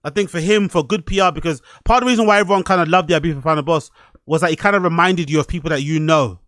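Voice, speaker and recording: A podcast host rambles through a casual reaction show, swearing and tossing in frequent asides. His voice is a little high and a bit bright, he talks very fast, and there's no echo.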